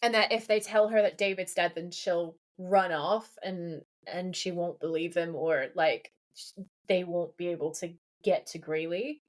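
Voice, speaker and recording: A woman co-hosting a podcast, casually recapping an episode in a chatty, animated way with frequent laughter. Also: fairly low pitch, measured pace. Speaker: podcast co-host.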